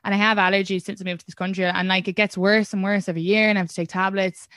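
Irish woman, young adult, comedian guest, animated storytelling, dry close sound. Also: medium pitch, rapid-fire, no room sound. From Ireland. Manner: animated storytelling with frequent restarts and laughs. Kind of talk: casual podcast chat.

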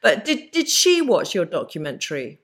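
A woman's voice: on the low side, huge pitch swings, normal speed. A woman, hosting an interview, speaking in an effusive, reassuring way. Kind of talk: casual interview chat.

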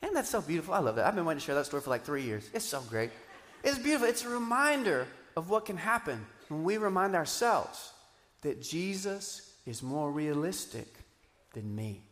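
A pastor preaches a sermon on a church auditorium stage, and a long hall reverb trails his voice. Speaking at normal speed in a slightly high register, he stays animated, swinging between emphatic loud outbursts and hushed asides.

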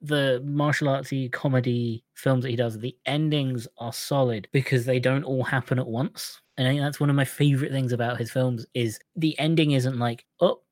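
A man's voice: mid-range voice, steady tone, normal speed, hardly any pauses, a little mellow, dry recording. A man co-hosting a film podcast who talks with enthusiasm and laughs often. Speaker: podcast co-host. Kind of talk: casual film review chat.

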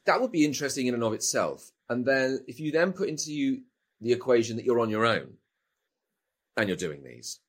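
A man, a voice actor, answering interview questions and telling anecdotes with lively acted-out asides. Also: mid-range voice. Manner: animated storyteller, acts out quoted lines. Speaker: video game voice actor, guest.

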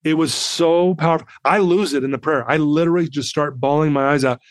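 Speaking a little fast with a fairly high pitch, a fifty-something man guesting on a podcast recounts something personal with lots of animation, voicing the characters himself. No echo is present.

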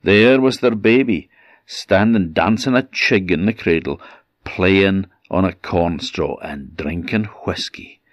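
A man with an Orkney accent telling a folk tale in a measured way with dramatic pauses. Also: low voice, dry recording. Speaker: storyteller. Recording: dull, dry recording.

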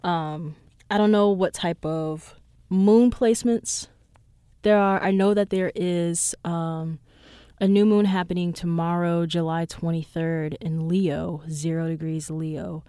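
A woman's voice: slow, smooth, no echo, studio quality. A young woman hosting her own podcast, chatting casually and rambling with lots of "like" and "um". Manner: animated, jumps up in pitch when retelling reactions. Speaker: podcast host. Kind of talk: casual solo podcast chat.

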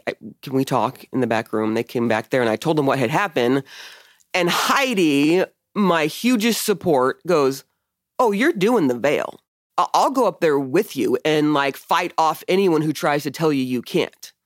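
A woman with a fairly low voice hosts a casual podcast. She tells a personal story candidly and with feeling, swearing freely. Her voice is recorded close and dry. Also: no room sound. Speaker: podcast host. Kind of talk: casual conversation.

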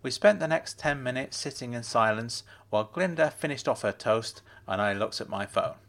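Male audiobook narrator, middle pitch, dry and wry, conversational first-person telling. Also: animated, moderate pace, fairly bright tone.

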